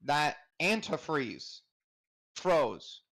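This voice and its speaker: A man in a casual voice chat, excitable and swearing freely. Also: a little high, drawn-out words.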